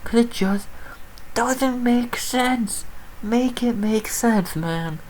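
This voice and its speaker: A woman giving a profane, exasperated rant about a fight result, talking with loud disbelief and constant swearing. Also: a little high, fairly even intonation, drawn-out words, a little hiss or hum, poor audio. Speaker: MMA commentator. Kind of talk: sports recap rant.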